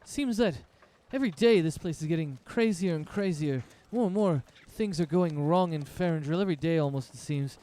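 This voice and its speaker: A flustered old nobleman, as a man voices him, fussy and hurried, with his pitch lifted above a normal speaking voice. The tone is mellow and a little warm. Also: natural voice. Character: flustered elderly nobleman, head of household.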